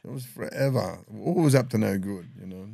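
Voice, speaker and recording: A middle-aged man with an Australian accent and a very deep, low-pitched voice. He spins rough, profane yarns in a casual chat, breaking into laughter as he goes. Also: fairly quick, mellow, no echo. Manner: profane, laughing yarn-spinner. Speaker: guest. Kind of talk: casual storytelling.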